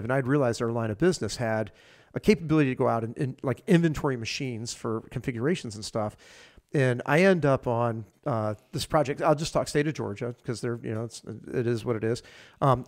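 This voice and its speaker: A man in his fifties, a podcast guest, telling his career story in a rambling, casual way with many fillers and restarts. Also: medium pitch.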